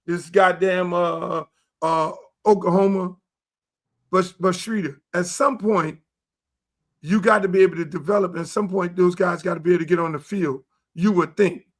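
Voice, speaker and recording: A middle-aged man hosting a sports talk show, animated and profane, acting out quoted dialogue as he rants. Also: sits high, normal speed. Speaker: show host.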